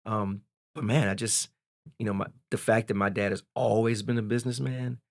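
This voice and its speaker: Man in his forties, lowish candid storyteller. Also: brisk, gravelly, no room sound, clean studio sound. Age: 40s. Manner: candid, animated retelling, peppered with "man". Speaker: podcast guest. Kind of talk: casual storytelling.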